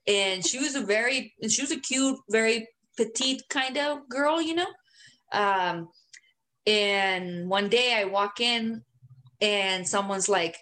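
Woman podcast cohost, high girly voice, swears a lot, laughs easy, loose casual chat. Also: lively intonation, a little slow, fairly bright tone. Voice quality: high girlish voice. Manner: profane, blunt, laughs a lot. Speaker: podcast co-host.

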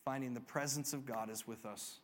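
A man, a pastor, preaching a sermon and telling a story, moving from emphatic peaks to a soft, quiet close. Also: medium pitch, fairly even intonation, a little fast, a little hiss or hum.

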